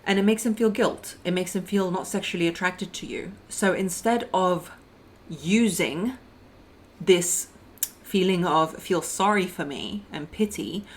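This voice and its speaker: A woman's voice: on the low side, measured pace, slight background noise. A woman relationship coach giving frank, casual advice straight to camera. She talks to the listener like a friend, calling her girl and babe, and acts out quoted voices mid-sentence.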